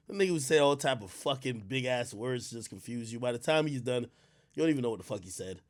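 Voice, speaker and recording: Profane man ranting on stream. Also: fast. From Jamaica. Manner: animated, profane, swings from loud rants to low muttering. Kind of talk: ranting livestream commentary.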